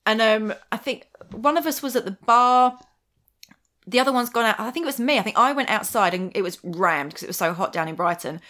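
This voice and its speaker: A woman chatting casually, an animated storyteller who acts out what people said and laughs often. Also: a little high, a little fast. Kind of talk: casual chat.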